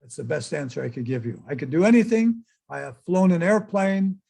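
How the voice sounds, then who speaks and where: A man's voice: a little high, lively intonation, a little fast, gravelly, mellow. An older man giving a casual, chatty slideshow talk and exclaiming to his audience as presenter. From United States.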